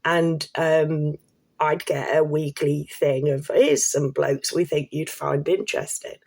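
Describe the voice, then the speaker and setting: A woman's voice: sits low, fairly even intonation, takes it slowly, creaky, a little mellow, husky. A British woman in her forties talks straight to her viewers in a loose, gossipy vlog. She is cheeky and blunt, with frequent laughter and the odd swear word. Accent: British English. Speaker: vlogger. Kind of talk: casual to-camera commentary.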